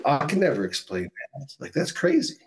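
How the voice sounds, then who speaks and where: A man's voice: on the high side, sing-song, moderate pace, slight background noise. A man from Canada, a podcast guest, telling a story in a rambling, casual way full of "like" and "you know".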